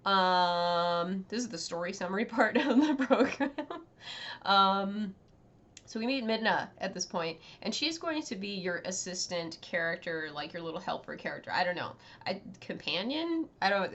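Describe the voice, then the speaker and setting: A woman with a fairly low voice rants casually through a video game review, rambling and sarcastic with plenty of hesitations. The sound is dull and lo-fi, like a home recording. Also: fairly bright tone. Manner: rambling and sarcastic, with many fillers.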